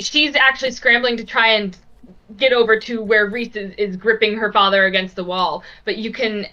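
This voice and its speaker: A woman narrates as game master, leading her players through a dark scene. Her voice is bright and clear, and she tells the story at a measured pace, slipping in soft fillers now and then. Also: mid-range voice, highs cut off.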